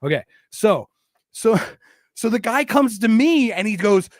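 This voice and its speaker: A high-voiced man hosts a casual podcast, telling stories with jokes and the odd swear. His voice sits close and dry, with no room around it. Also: unhurried, dry recording. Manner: animated, joking, profane. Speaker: podcast host. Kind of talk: casual storytelling chat.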